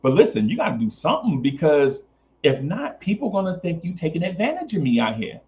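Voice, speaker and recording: A man's voice: fairly high pitch, fairly quick, lo-fi sound. A man casually telling a long story on a podcast, swearing and acting out the other voices. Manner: animated, swears, acts out voices.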